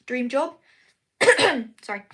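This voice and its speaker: A woman's voice: high voice, animated, takes it slowly, a bit bright, low-quality recording. A British woman chatting casually on a live stream, reading out viewer comments and answering them in a chatty, apologetic way. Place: home, at night.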